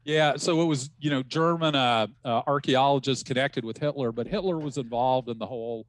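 A middle-aged man, a professor guest, explaining history in a measured, factual way with some fillers. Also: mid-range voice, no room sound, poor audio. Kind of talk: casual explanation in a podcast interview.

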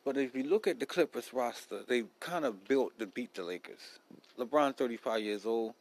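A man talks through a solo podcast in a loose, rambling way. His street talk is blunt and full of profanity. His voice sits at an ordinary middle pitch for a man. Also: normal speed, poor audio. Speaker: podcast host. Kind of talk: casual solo podcast monologue.

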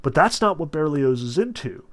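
A man's voice: fairly high pitch, sing-song, normal speed. Chatty man giving a literature lecture. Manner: chatty, lots of "like" and "notice", reads passages aloud. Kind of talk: casual lecture reading aloud from a novel.

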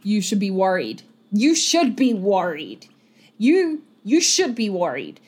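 A woman's voice: medium pitch, very animated, slow, darkish tone, breathy edge, full character voice. A woman voicing a nervous young male town guard who blusters defensively while clutching a pike he cannot use.

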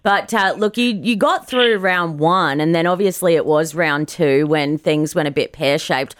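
A woman's voice: deep voice, normal speed, dry recording, studio quality. A woman co-hosting breakfast radio, bubbly and gushing in an upbeat chat. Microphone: studio mic.

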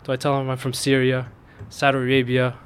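A man spins a personal story in a relaxed chat, his voice in an ordinary middle range. As the punchline lands, he laughs through his words and his voice climbs high with excitement. A faint hiss of noise sits under the recording. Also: fairly quick. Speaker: storyteller in a casual podcast chat. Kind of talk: casual chat, animated storytelling.

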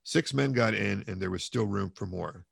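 Gravelly, husky male audiobook narrator. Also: on the low side, no room sound, studio quality. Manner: measured, expressive reading. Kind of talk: audiobook reading of a classic novel.

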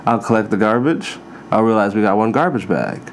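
A man's voice: fairly low pitch, brisk, slight background noise. A man hosting a podcast, telling rambling, profane stories in a casual comedic monologue with self-mocking asides. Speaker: podcast host.

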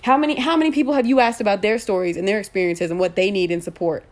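A woman in the middle of a heated rant, firing off one rhetorical question after another and swearing freely. Her voice sits at an ordinary middle pitch for a woman. She speaks as a social media commentator talking straight to her audience. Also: fairly even intonation, very fast. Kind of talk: angry rant to camera.

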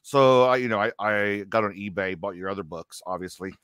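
A man's voice: fairly low pitch, brisk, a bit bright, smooth, no echo. A man hosting a podcast in casual chat, joking and swearing with guests. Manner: joking, swears, laughs often. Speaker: podcast host.

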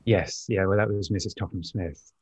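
A man co-hosting a podcast, telling measured anecdotes with pauses. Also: low-pitched, fairly even intonation, slightly rough, no room sound. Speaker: podcast co-host. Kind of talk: casual podcast chat.

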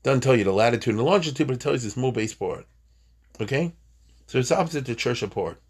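A man's voice: medium pitch, lively intonation, quick pace, a little mellow, slightly rough. A man teaching an informal Torah class, chatty, with joking asides and Hebrew terms.

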